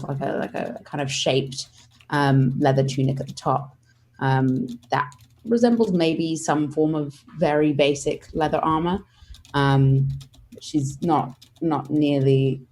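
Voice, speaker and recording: A woman playing in a casual tabletop game, speaking haltingly with many fillers. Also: deep voice, a little mellow. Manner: halting, many ums and likes. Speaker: player.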